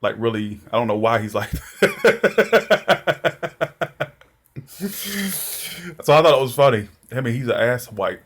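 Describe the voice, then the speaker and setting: A man's voice: medium pitch, quick pace, hardly any pauses. Rambling man chatting with viewers. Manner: rambling, laughs often, many restarts. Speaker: tarot reader answering viewer comments. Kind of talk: casual livestream chat.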